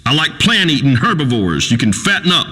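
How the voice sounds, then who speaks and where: A crude rural radio host, folksy and pontificating, lively bright voice, long echo. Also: male voice, medium pitch, brisk. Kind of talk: radio call-in show acting.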